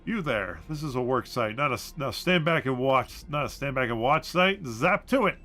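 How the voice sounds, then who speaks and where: A man's voice: medium pitch, lively intonation, normal speed, bright, forceful tone. A man putting on a drawling old construction boss. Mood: bossy. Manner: folksy drawl, slipping into a Southern twang.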